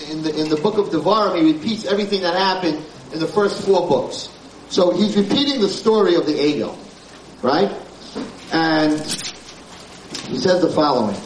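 A man, a rabbi giving an informal Torah class, talking emphatically, repeating his points and mixing in Hebrew terms. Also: on the high side. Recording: roomy, distant, faint background noise.

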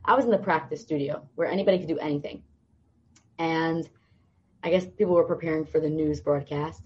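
Low-voiced young woman telling stories. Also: brisk, husky, muffled recording. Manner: lively storyteller acting out quoted voices. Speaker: podcast guest. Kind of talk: storytelling in conversation.

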